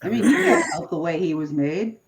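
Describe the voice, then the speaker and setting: A woman player in a tabletop game, chatting in a curious, animated way. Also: fairly low pitch, fairly quick, noisy background. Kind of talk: casual tabletop game chat. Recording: dull lo-fi mic audio.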